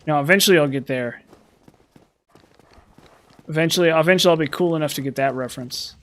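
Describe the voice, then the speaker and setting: A man's voice: a little high, fairly quick, fairly bright tone. Rambling man thinking aloud over gameplay. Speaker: gameplay commentator. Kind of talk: casual gameplay commentary.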